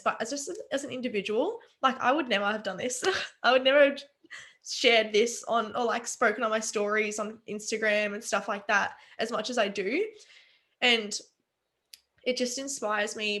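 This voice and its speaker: A woman's voice: medium pitch, steady tone, moderate pace, a bit bright. A young woman, telling her personal story earnestly and emotionally on a video call. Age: young adult. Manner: earnest, emotional, many fillers. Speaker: webinar guest.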